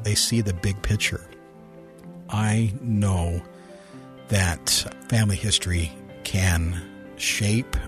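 A man with a very deep, slightly husky voice speaks as an interview guest. He talks with earnest, emphatic conviction. The sound is dry and close, with soft music underneath. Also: no echo. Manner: emphatic, heartfelt testimony. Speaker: guest, family history manager.

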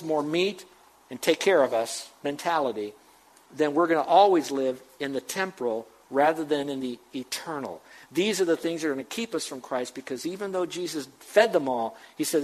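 Guy pastor preaching a sermon, kinda high voice, emphatic, lots of questions at the crowd. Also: poor audio.

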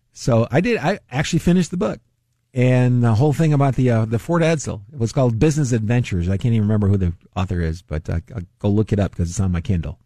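A man's voice: medium pitch, warm tone, no echo, studio quality. A man hosting a finance radio show, talking casually and laughing often at his own jokes. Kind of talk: casual solo talk.

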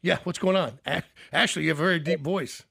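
A man's voice: fairly high pitch, vocal fry, sharp tone. A man hosting a radio morning show, joking and teasing callers in casual on-air banter. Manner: joking, teasing, quick asides.

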